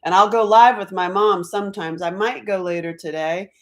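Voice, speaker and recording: A middle-aged woman from North Carolina chatting on a live stream at home, rambling and quick to laugh. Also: mid-range voice, fairly even intonation. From Asheville, North Carolina, US. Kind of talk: casual live-stream chat. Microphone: laptop computer mic.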